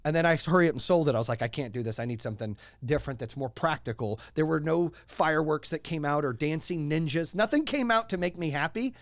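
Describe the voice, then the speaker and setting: A man's voice: fairly high pitch, expressive, fast, few pauses, dry recording. A brash man in his forties telling boastful stories as an interview guest, in casual chat. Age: 40s. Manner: brash, boastful storyteller with big swings in loudness. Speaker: guest, entrepreneur.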